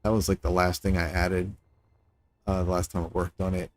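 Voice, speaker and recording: A man's voice: sits low, level tone, moderate pace, no room sound. A man streaming a building game, thinking aloud as he works and sizing up his own designs. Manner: thinking aloud, musing and self-critical; talks to chat viewers in passing. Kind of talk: casual live-stream commentary while building.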